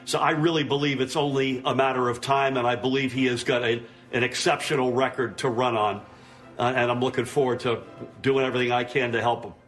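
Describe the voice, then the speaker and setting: A man's voice: medium pitch, level tone, a little fast, fairly bright tone, faint music behind. A man speaking as a governor in a TV interview clip, earnest and emphatic, with many small restarts. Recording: clip played on the radio.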